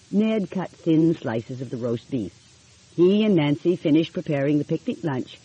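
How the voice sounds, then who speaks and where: Woman narrator, cozy audiobook reading, lively pitch, dull lo-fi sound. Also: husky. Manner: cozy storytelling.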